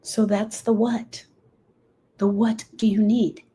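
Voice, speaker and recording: A woman's voice: medium pitch, flat delivery, slow, dark tone, poor audio. A woman grief coach talking listeners through coping tools, repeating key phrases for emphasis. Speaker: grief coach and podcast host. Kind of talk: coaching talk to camera.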